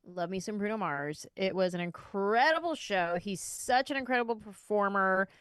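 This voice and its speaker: A woman hosting a podcast in a studio, telling stories in a lively, casual way and using a lot of slang. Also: medium pitch, moderate pace, clear, resonant tone, no echo. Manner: animated storyteller with casual slang. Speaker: podcast host.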